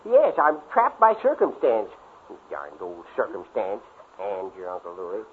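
A man playing a meek, mild-mannered middle-aged father in 1940s radio acting style, gentle and fretful. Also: fairly low pitch, wildly swooping pitch, a little slow, husky, exaggerated voice. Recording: tinny old radio broadcast with faint hiss.

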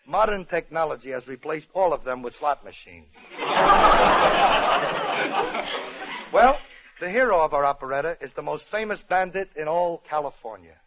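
A man's voice: fairly high pitch, sing-song, slow, pauses often, dull audio, a loud crowd, very noisy. A male comedian narrating a parody story, with chatty wisecracking asides, on an old radio recording.

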